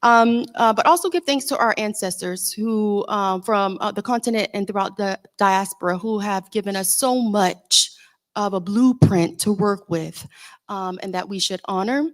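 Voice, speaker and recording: A woman with a Southern US accent speaking as a panelist and educator at a symposium, pausing often with fillers. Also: medium pitch. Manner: halting, heavy with um and uh fillers.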